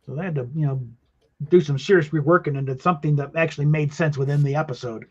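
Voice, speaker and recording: A man in a casual stream chat, rambling and halting, with frequent murmured agreement. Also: fairly high pitch, steady tone, muffled recording. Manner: rambling, halting, lots of "mm-hmm".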